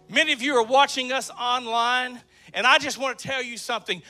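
High, bright-voiced pastor preaching. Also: male voice, brisk, soft background music. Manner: energetic, frequently shouting to the congregation. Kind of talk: sermon. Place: church sanctuary with live congregation.

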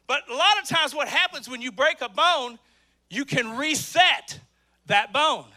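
A man preaching an energetic sermon to a church congregation, often shouting. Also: very high-pitched, measured pace. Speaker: pastor. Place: church sanctuary with live congregation.

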